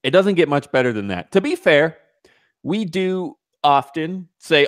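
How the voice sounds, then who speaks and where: A man hosting a casual podcast, animated and laughing, with mock exasperation. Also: fairly high pitch, a little slow, no room sound, clean studio sound. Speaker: podcast host.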